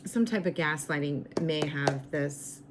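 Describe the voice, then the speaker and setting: A woman reading tarot cards in a slow, musing way, her voice going raspy as she loses it. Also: deep voice, slight background noise. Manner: slow, musing, repeats herself. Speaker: tarot reader.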